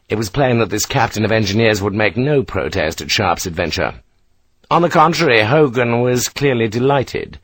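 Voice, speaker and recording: A man reading an audiobook in a steady storytelling manner. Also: lowish voice, normal speed, dry recording. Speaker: audiobook narrator. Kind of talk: scripted narration.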